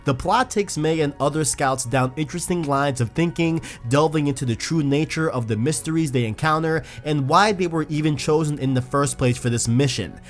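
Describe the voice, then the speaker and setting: A man's voice: fairly high pitch, normal speed, hardly any pauses, faint music behind. A man with a stuffy, congested voice from illness, talking casually at first and then reading a scripted game review.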